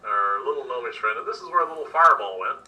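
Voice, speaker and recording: A man's voice: medium pitch, expressive, fast talker, pushed and bright, lo-fi sound. A man narrating as game master, describing scenes in an easygoing way with lots of fillers. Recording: distant mic with faint noise.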